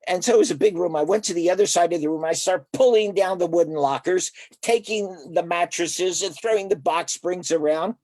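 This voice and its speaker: An older man with a husky, somewhat high voice tells stories as a therapist in an interview. He acts out each character's lines as he goes. The sound is dry and close, with no room around it. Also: fairly quick, hardly any pauses, dry recording. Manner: animated storyteller who acts out quoted dialogue. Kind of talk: conversational storytelling in an interview.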